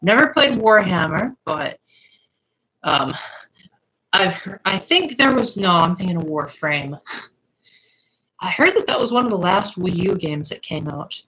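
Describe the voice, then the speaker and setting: A woman's voice: lowish voice, animated, a little slow, long pauses, bright, forceful tone, poor audio. Chatty young woman streamer. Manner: chatty, reads and answers viewer comments. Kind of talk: casual live-stream chat.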